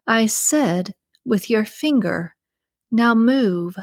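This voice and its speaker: A woman reading a story, voicing a cold, manipulative female killer who speaks slowly and in a hushed, commanding way. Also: medium pitch, husky, no room sound, clean studio sound. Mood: menacing.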